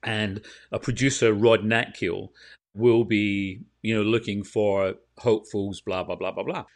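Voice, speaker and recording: A Scottish man from Scotland with a Scottish accent, a TV presenter telling animated anecdotes in a casual interview. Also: lowish voice, a little slow. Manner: animated anecdotes, quotes others. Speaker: TV and radio presenter, guest.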